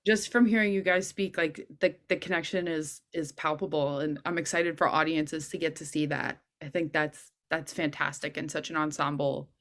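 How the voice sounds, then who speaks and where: A woman's voice: fairly low pitch, fairly bright tone. A woman interviewing a theatre cast in a casual chat, enthusiastic and full of praise.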